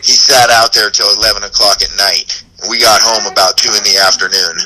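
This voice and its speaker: A man's voice: fairly low pitch, a little fast, poor audio. A man who is a podcast guest, telling a story casually with heavy swearing and acting out quotes in a raised voice. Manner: animated and heavily profane.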